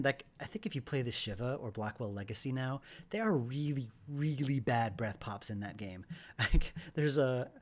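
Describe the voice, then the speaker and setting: A man chats casually and freely on a livestream as he edits audio. He pokes fun at himself and laughs a lot. His voice sits at an ordinary middle pitch. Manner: chatty, self-mocking, laughs often. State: hiccuping. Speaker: game developer streaming his editing.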